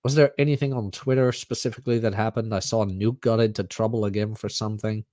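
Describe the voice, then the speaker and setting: A man's voice: lowish voice, steady tone, fast, dark tone, no room sound, studio quality. A man who hosts a casual livestream and rambles chattily and jokingly to his viewers. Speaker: streamer, channel host.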